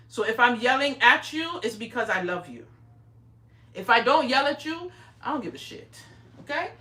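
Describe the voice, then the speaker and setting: In her home craft room, a middle-aged woman livestreams while crafting, her fairly high, slightly bright voice carrying a bossy, crude, teasing edge. The talk is easygoing chatter. Because she speaks away from a distant mic, the room's echo comes through.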